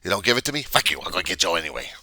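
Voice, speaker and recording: A man's voice: deep voice, very animated, rapid-fire, pushed and bright, no echo. A man delivering an angry, blunt, profanity-laden vlog rant. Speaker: vlogger. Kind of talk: angry ranting monologue.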